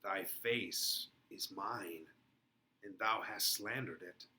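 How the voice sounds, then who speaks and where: A self-assured young nobleman speaking low and softly, read by a man. The tone stays bright despite the hush, in a plain play reading. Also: takes it slowly, exaggerated voice. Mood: smug, tender. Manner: low, soft and quiet.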